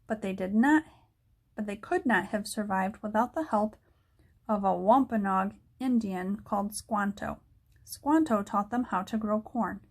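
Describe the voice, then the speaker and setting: A woman's voice: medium pitch, unhurried. Woman reading a children's book aloud. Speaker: narrator.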